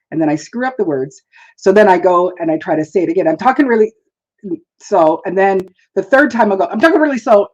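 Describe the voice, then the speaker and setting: A woman's voice: lowish voice, a little mellow, highs cut off. A woman hosting a live stream, chatting in a rambling, casual way, laughing often and greeting viewers. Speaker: livestream host.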